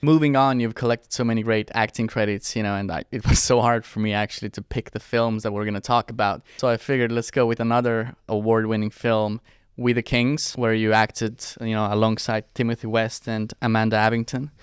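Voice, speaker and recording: A man hosting a podcast, interviewing a guest and nodding along with quick affirmations. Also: on the low side, little pitch movement, smooth, no room sound, studio quality. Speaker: podcast host.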